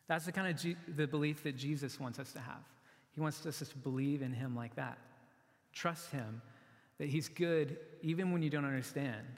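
A man giving a sermon as a pastor, earnest and conversational, often restarting his phrases. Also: mid-range voice. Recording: long reverb of a large hall.

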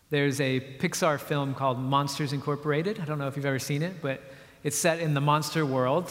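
Man preaching in a reverberant hall. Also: mid-range voice. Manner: conversational and explanatory, with acted-out quotes. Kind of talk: sermon.

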